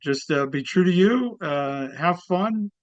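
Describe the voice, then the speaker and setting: A man, a comedian guest, chatting casually in an easygoing, halting way with plenty of pauses and fillers. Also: high-pitched, lively intonation, no echo, highs cut off. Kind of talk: casual interview chat.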